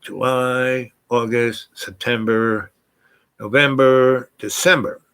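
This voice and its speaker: Man, from new york, casual storytelling, meandering, lots of asides, medium pitch. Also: steady tone, slow pace, fairly bright tone, clear, resonant tone, poor audio. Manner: meandering, full of asides and restarts.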